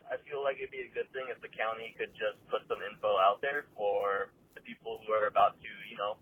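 A man's voice: on the low side, breathy edge. A man calling in to a podcast with an earnest, hesitant question full of fillers, heard over a phone line. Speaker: caller.

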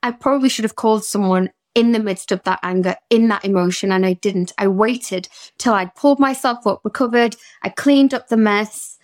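A woman's voice: medium pitch, moderate pace. British woman therapist on a podcast, candid and emotional, telling her own stories. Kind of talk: podcast conversation.

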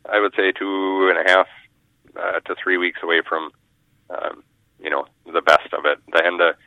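A man's voice: a bass voice, dry recording. A man, a fishing guide talking casually in a radio interview, rambling and repeating his words. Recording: muffled phone line.

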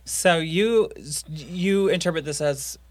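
A woman's voice: low-pitched, slow pace, darkish tone, no echo. A woman hosting a casual interview, asking long, probing questions. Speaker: podcast host.

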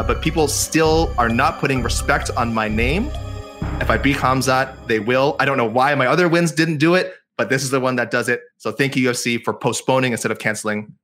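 A man putting on the voice of an earnest British male fighter, speaking haltingly and repeating his words. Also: mid-range voice, natural voice.

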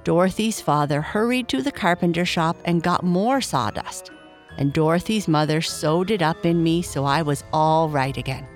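A woman's voice: low-pitched, moderate pace, faint music behind, lightly acted. A woman voicing a sweet, chatty little female sawdust doll in a storybook reading, cheerful and eager.

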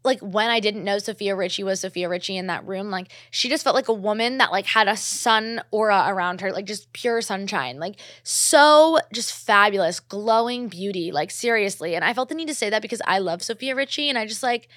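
A woman's voice: mid-range voice, a little fast, hardly any pauses, fairly bright tone, no room sound, studio quality. Gushing young woman hosting a podcast. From New Jersey. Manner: gushing, filler-heavy, lots of "like". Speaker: podcast host. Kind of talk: casual solo chat.

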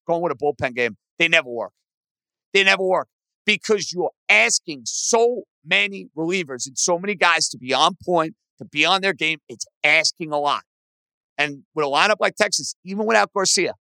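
A man hosting a sports podcast, ranting with animated opinions about teams and trades. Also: no echo. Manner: animated, aggravated rants with rising pitch. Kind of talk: opinionated sports talk monologue.

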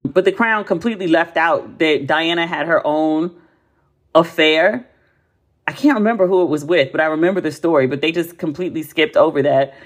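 An American woman in her forties hosts a podcast and chats casually in a blunt, animated way, with lots of profanity and emphatic repetition. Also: low-pitched, moderate pace. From United States. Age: 40s. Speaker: podcast host. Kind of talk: casual chat.

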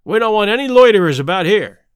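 A man voicing a rough-spoken male stable groom with a brusque, loud manner and a high voice. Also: big pitch swings, normal speed, dry recording, studio quality.

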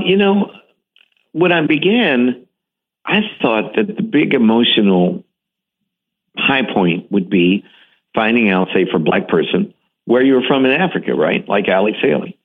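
Guy with a lowish voice telling stories all excited, leans on words, sounds like a tinny phone line. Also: a little slow. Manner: enthusiastic, emphatic, with frequent restarts. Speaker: interview guest, TV series host. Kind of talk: animated storytelling in an interview. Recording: phone-like narrow radio line.

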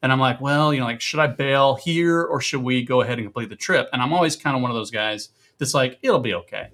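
A man in his thirties or forties, a podcast guest telling a camping story in a casual, animated way and loudly acting out the voices he quotes. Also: medium pitch, fast.

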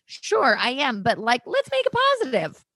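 A woman's voice: a little high, huge pitch swings, normal speed, bright, forceful tone, no echo. Candid woman guest, dry close sound. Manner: candid, breezy, laughs easily. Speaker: guest actress. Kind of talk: casual interview chat.

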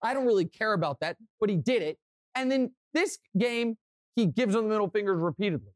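A young man co-hosting a sports podcast, telling stories and giving strong opinions in an animated way. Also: high voice, fairly quick, no room sound, clean studio sound. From Kansas City, US. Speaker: podcast co-host. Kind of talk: casual sports talk.

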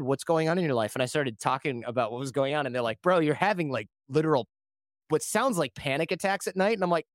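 A man's voice: medium pitch, no echo, clean studio sound. A podcast host telling a story in a casual way, acting out the quoted voices of other people as he goes. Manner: animated, acts out quoted voices.

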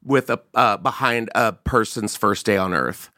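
A man's voice: lowish voice, measured pace, no room sound, clean studio sound. A man hosting a casual comedic podcast chat, telling stories and acting out the people in them. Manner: animated storyteller, acts out quoted people. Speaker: podcast host.

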